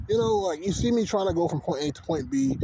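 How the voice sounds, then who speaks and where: A man's voice: high voice, very animated, fast, creaky. A man vlogging into a phone, telling street stories in a profane, rambling way full of filler words. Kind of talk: casual rant to camera. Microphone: phone camera. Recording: loud vehicle noise behind.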